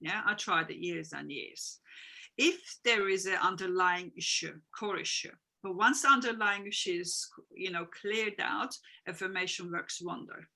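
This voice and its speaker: Heard over poor audio, the woman's voice sits fairly low, gravelly and bright, with a forceful tone and a measured pace. She is a guest on a video call, an emotional wellbeing coach giving interview answers, explaining earnestly at length, repeating herself and slipping slightly in her non-native grammar.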